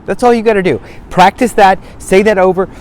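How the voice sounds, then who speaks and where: A man's voice: high voice, brisk, slight background noise. A man coaching viewers on staying sober, talking bluntly and emphatically and swearing for emphasis. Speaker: sobriety coach. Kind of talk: direct-to-camera motivational talk. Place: outdoors on a cloudy day.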